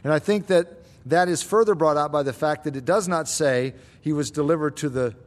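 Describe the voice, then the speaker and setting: A man answering Bible questions as a pastor, explaining scripture in a measured, teaching way. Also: a little high.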